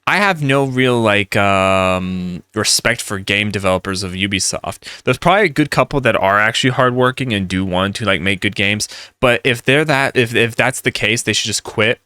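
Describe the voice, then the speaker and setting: A man's voice: on the low side, normal speed, few pauses, bright, forceful tone, smooth, no echo. A man ranting in rambling gaming commentary, heated and full of restarts.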